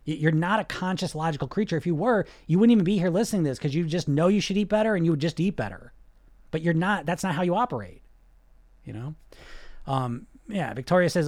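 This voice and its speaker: A man's voice: no room sound, studio quality. A man who coaches weight loss through hypnosis, talking casually and emphatically, often checking in with "you know". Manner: emphatic, conversational, keeps asking "you know"; swings from loud and high to low and quiet. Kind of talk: casual motivational talk.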